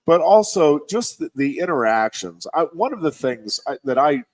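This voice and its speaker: A man in his thirties, a radio host and high school sports announcer, telling a story in a rambling, reflective way with many restarts. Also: very animated, normal speed, no echo. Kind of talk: casual radio sports chat.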